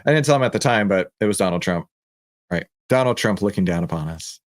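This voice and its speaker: A middle-aged man hosts a casual livestream, chatting excitedly and reading viewer comments aloud. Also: low voice, fast, no room sound, studio quality. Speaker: show host.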